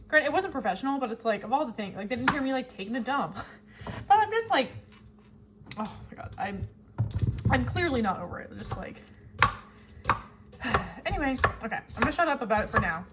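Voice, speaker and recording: Chatty young woman rambling in a noisy kitchen. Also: on the high side. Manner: chatty, rambling, self-mocking. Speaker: vlogger. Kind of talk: casual chat. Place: home kitchen while cooking.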